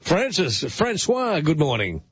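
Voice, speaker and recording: A man hosts talk radio, spinning a story with frequent chuckles. His voice has a faintly husky edge, sits close and dry to the mic, and comes through slightly dull. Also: a little high, wildly swooping pitch, measured pace, no echo. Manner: chuckling, anecdotal, banters with co-host. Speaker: radio host. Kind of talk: casual radio chat and storytelling. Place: radio studio. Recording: dull studio audio.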